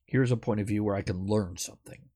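A man's voice: on the low side, quick pace, warm tone, dry recording, studio quality. A man hosting a podcast in casual, rambling chat who swears now and then. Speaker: podcast host.

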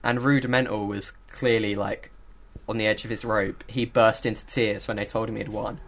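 A man co-hosting a casual podcast chat, telling a story with lots of fillers and quick laughs. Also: on the low side, level tone, gravelly, fairly bright tone. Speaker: podcast co-host.

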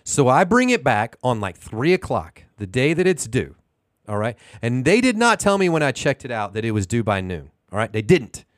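A man in his thirties rants through a story on a casual podcast. His pitch swings widely, and he fires off rhetorical questions. The recording is dry and close. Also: normal speed, no room sound. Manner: animated, indignant storyteller, asks rhetorical questions. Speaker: podcast co-host.

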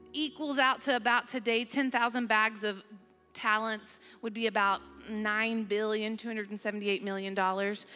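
A woman's voice: on the high side, sharp tone. A middle-aged woman preaching a sermon in a conversational way, reading scripture aloud with playful asides. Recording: long hall reverb, faint music.

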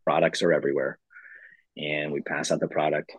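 A man's voice: extremely low pitch, flat delivery, a little fast, breathy edge, dry recording, highs cut off. A man who founded a company, telling his story in a casual interview, rambling and earnest with lots of "you know" fillers. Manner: earnest and reflective. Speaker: company founder, podcast guest.

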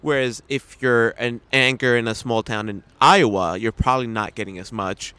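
A man co-hosting a casual chat, relaxed and self-deprecating, explaining things evenly. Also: mid-range voice, normal speed, clean tone, dry recording. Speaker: podcast co-host. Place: New York City.

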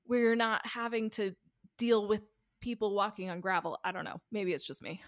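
A woman co-hosting a film podcast in a relaxed, chatty way. She hedges a lot and laughs at herself, and her voice is recorded close and dry with almost no room sound. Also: medium pitch, normal speed, dry recording. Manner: hedging, self-deprecating, laughs often. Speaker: podcast co-host. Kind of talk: casual film review chat.

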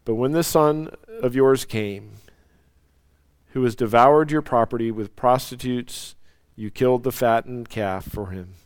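A man preaching a sermon, swinging from loud, soaring lines down to near whispers. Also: medium pitch, unhurried, clean tone, no echo. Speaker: pastor.

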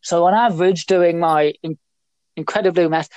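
A woman's voice: fairly low pitch, moderate pace, a little mellow, no echo, muffled recording. A young British woman hosting a podcast in a casual chat, rambling and joking with many fillers and restarts. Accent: British English. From Britain. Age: young adult. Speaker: podcast host.

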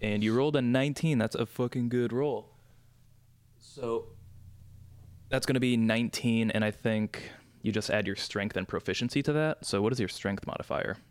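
A man's voice: medium pitch, normal speed, clear, resonant tone, no echo. A young man running a tabletop game as dungeon master, explaining rules casually with plenty of fillers.

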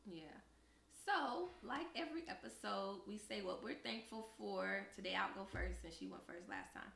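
Speaking at a medium pitch and moderate pace, a young woman co-hosts a casual podcast in an echoey room, her bright voice carrying a gravelly fry. She's an animated storyteller who performs each quoted voice.

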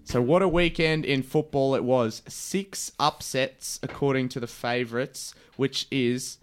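A man's voice: medium pitch, fairly even intonation, unhurried, smooth, soft background music. An Australian man hosts a casual sports podcast. He keeps the talk moving and hands questions to his mates in an easygoing way. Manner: leads the segments, easygoing. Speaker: podcast host. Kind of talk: casual chat.

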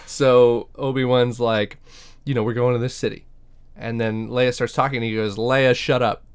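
A man's voice: mid-range voice, moderate pace, clean tone. A man retelling a show episode in casual chat, acting out the characters and laughing often. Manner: animated storyteller, acts out characters, laughs often, swears. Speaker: podcast co-host.

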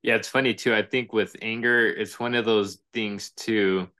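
A man's voice: on the low side, steady tone, normal speed, pushed and bright. A man co-hosting a podcast in casual chat, easygoing and encouraging with many fillers. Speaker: podcast co-host.

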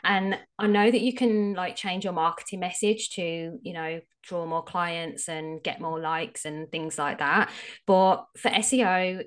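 A woman with an Australian accent talks through her field as a podcast guest, in a casual, frank way. Her voice sits a little low. She explains with plenty of filler words. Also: steady tone, a little slow, clear, resonant tone. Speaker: SEO strategist guest.

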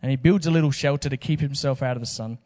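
Brief: male pastor, relaxed jokey sermon delivery, mid-pitched voice. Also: quick pace, in a large hall. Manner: casual, jokey preaching with slang asides.

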